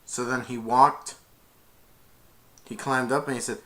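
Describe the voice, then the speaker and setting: A man's voice: mid-range voice, fairly even intonation, measured pace, bright, forceful tone. A man casually retelling a film's plot, rambling and stringing each event together with "and then". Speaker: film reviewer.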